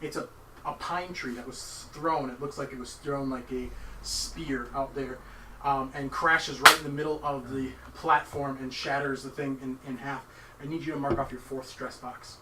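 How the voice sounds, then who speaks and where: A man narrating as game master of a tabletop game, halting with many fillers and restarts. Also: medium pitch, fairly even intonation. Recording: echoey room, distant mic, faint noise.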